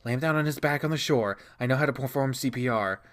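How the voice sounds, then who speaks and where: A man's voice: medium pitch, fast talker, fairly bright tone, lightly acted. A man voicing a frantic young woman in a game who talks urgently and is out of breath. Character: young woman, frantic but forcing calm.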